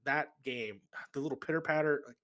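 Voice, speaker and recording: A man's voice: on the high side, fairly quick, pushed and bright. A man talking as a podcast guest in a casual chat, with lots of fillers and frequent laughs. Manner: laughs often, many fillers.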